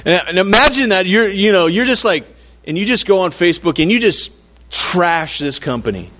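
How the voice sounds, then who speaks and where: A man's voice: high voice, animated, moderate pace, a bit bright. A man preaching a sermon in a conversational, playful way, acting out little quotes to make his point. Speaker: pastor.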